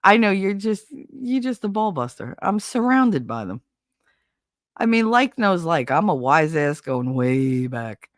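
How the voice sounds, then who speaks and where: A livestream host with a fairly low, very animated voice chats unhurriedly and profanely with her viewers, cracking jokes. She acts out quoted lines in big, exaggerated voices. The recording is dry, with clean studio sound.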